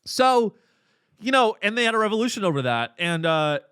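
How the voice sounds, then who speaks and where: A man's voice: high-pitched, very animated, moderate pace, fairly bright tone, smooth, no echo. A man hosting a comedy podcast, delivering a profane, ironic, rambling rant with many restarts into a close mic. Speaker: podcast host.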